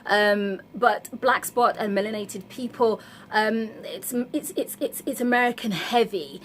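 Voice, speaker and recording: British woman ranting on her vlog, lots of ums and restarts, middle pitch, slight background hiss. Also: a little slow. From Britain. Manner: outspoken and emphatic, with frequent fillers and restarts. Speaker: vlogger. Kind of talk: casual vlog monologue. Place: at home in the evening.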